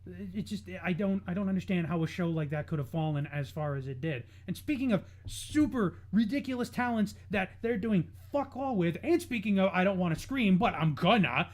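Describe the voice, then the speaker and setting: High-voiced ranting man. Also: animated, brisk, hardly any pauses. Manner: profane, ranting, heated. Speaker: wrestling podcast co-host. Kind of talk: casual podcast chat.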